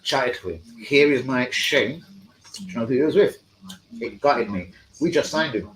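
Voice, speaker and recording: A man hosting a live stream, rambling through football fan chat with heavy swearing and excitable outbursts. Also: medium pitch, moderate pace, a little hiss or hum, low-quality recording.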